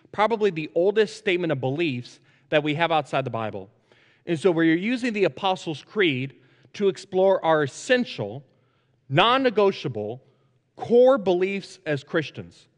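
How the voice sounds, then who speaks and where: A male pastor preaches to his congregation, restating points and pausing on frequent "uh" sounds. His voice sits a touch higher than most men's, and the room adds a long, ringing reverb. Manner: repetitive, measured, frequent "uh" fillers. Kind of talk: sermon. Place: church sanctuary. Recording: long reverb in a large sanctuary.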